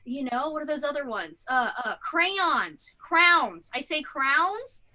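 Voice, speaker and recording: A woman's voice: high-pitched, lively intonation, moderate pace, sharp tone. A woman doing improvised stand-up comedy in a rambling, self-deprecating way, full of fillers and tangents. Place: theatre stage.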